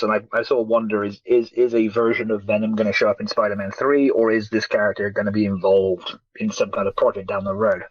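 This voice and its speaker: A man's voice: fairly low pitch, little pitch movement, fast, few pauses, dry recording, lo-fi sound. A man in casual podcast film talk, opinionated and profane, slipping into mocking impressions.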